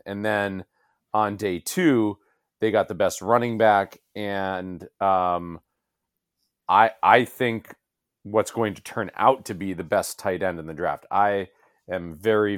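A man's voice: sits low, no echo, studio quality. A man co-hosting a casual sports podcast, talking with many fillers and restarts. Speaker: podcast co-host.

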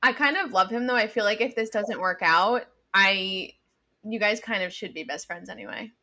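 Woman podcast guest, sharp bright tone, playful and chatty. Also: medium pitch. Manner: playful, quick to laugh. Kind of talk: casual chat.

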